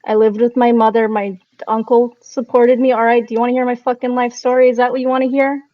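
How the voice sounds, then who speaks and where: A woman's voice: on the high side, little pitch movement, quick pace, no room sound, lightly acted. A woman playing a bitter, defensive male adventurer. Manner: defensive, swearing. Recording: dull lo-fi sound.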